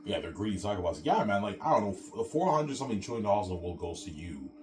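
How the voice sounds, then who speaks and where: A man's voice: lowish voice, very animated, fast talker, far from the mic, slight background noise. A man delivering an angry, repetitive, profane monologue to his video audience, recorded away from the mic with music behind. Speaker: video ranter.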